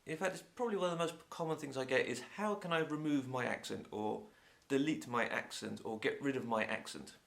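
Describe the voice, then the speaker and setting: An Englishman with a Home Counties accent teaches English in a casual, opinionated chat to camera. His voice carries a gravelly crackle at a middling pitch. He has a sore throat and a blocked nose. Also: a little fast, few pauses. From England. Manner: chatty, opinionated, lively.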